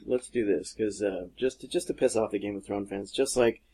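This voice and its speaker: A man hosts a loose, casual podcast chat with a husky voice. He rambles, swears casually and laughs often. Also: fairly low pitch, brisk, mellow. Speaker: podcast host.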